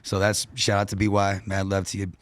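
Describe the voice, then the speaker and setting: A man's voice: low-pitched, completely flat delivery, a little fast, no room sound. A man guesting on a podcast, a musician talking in a laid-back, slangy way. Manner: laid-back, slangy, says "bro" and "you know what I'm saying". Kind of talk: casual chat.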